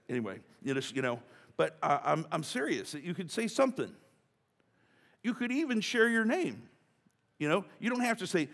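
A man's voice: a little high, very animated, brisk, fairly bright tone. A man preaching a casual, joking sermon as pastor, talking chattily with many restarts and asides. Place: church sanctuary. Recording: church hall reverb.

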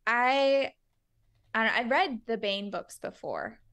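A woman's voice: on the high side, very animated, slow pace, a bit bright, clear, resonant tone. Enthusiastic, stumbling female co-host. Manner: enthusiastic, stumbles and repeats words. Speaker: podcast co-host. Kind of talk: casual podcast chat.

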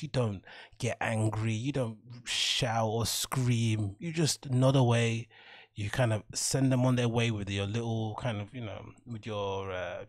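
A man's voice: mid-range voice, dry recording, studio quality. A man hosting a podcast, rambling casually with a laugh and mock-polite asides. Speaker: podcast host.

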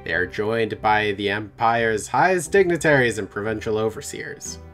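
With faint music behind him, a man with a lowish, fairly bright voice plays through a text game, reading its story aloud. He banters casually between passages, playful and quick to laugh.

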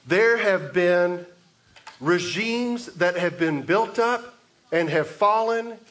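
A man preaching a sermon as pastor, in a measured way, building emphasis through repetition. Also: high-pitched, lively intonation, fairly bright tone. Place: church sanctuary.

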